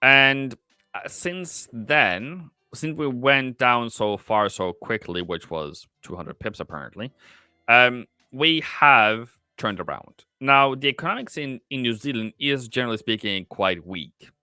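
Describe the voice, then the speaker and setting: A man's voice: medium pitch, expressive, measured pace, bright, forceful tone, smooth, no room sound, studio quality. A man hosting a live trading stream, thinking aloud with many fillers and answering the chat in casual commentary. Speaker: livestream forex trader and host.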